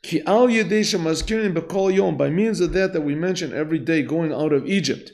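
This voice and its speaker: A man, a rabbi, teaching a Chassidus class, telling a story and acting out the voices in it, often clearing his throat. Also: fairly high pitch, fairly quick, darkish tone. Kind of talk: classroom Torah lesson. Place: yeshiva classroom.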